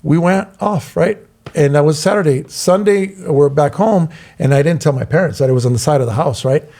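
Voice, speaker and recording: A slightly high voice with vocal fry and a brisk pace belongs to this middle-aged podcast co-host from Southern California. He tells a long story casually and with animation, performing the voices of the people in it.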